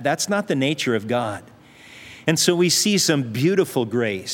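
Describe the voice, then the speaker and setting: A man preaching a sermon in an earnest, conversational way, often restarting his sentences. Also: on the high side. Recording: long reverb hall.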